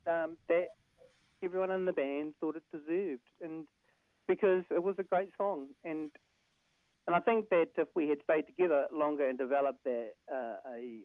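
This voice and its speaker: A man, a band singer reflecting in a halting, fond way in an interview clip. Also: a little high, dry recording. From New Zealand. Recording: phone-like, dry clip.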